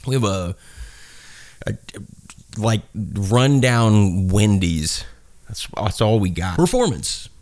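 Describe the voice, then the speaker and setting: Slow and fairly low-pitched, with long pauses and a slightly mellow quality, a South Carolina gun reviewer with a Southern accent offers a casual, rambling product review. He swears, pokes fun at himself and laughs at his own jokes.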